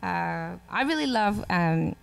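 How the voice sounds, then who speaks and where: This young Australian woman talks in a relaxed, chatty way, laughing easily between her thoughts. Her voice sits a touch on the low side for a woman. She sounds like a singer-songwriter answering questions as an easygoing guest. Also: takes it slowly, gravelly, clear, resonant tone. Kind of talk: casual interview chat.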